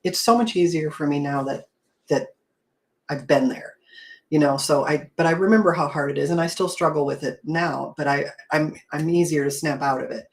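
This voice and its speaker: A woman's voice: low-pitched, normal speed. A woman hosting a casual faith talk, telling her story in an earnest, reflective way. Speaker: host.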